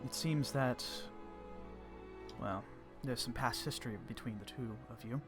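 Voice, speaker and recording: A man playing a calm measured commander. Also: medium pitch, over music, lightly acted. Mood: earnest. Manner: measured, polite, reserved. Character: calm composed male human commander.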